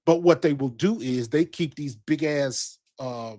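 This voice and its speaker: A man's voice: on the high side, unhurried, warm tone. Rambling, slangy man telling travel stories. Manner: loose, rambling, slangy, with frequent restarts and asides. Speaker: sports stream host. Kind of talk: casual storytelling chat.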